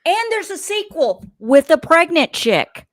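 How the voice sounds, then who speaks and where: A woman in her forties hosting a casual recap podcast, animated and quick to laugh as she spins theories aloud. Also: very high-pitched. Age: 40s. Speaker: podcast host.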